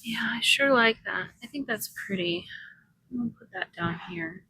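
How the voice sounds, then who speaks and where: A woman's voice: medium pitch, animated, normal speed, a little hiss or hum, rough recording. A woman vlogger chatting casually and thinking aloud as she works on a craft project. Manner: chatty, thinking aloud while working, soft laughs.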